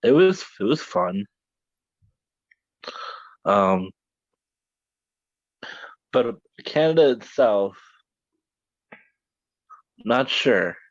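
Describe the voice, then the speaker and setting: A man co-hosting a podcast in casual chat, halting with ums and a dry, hesitant manner. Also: mid-range voice, expressive, no echo. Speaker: podcast co-host. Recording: slightly dull, dry recording.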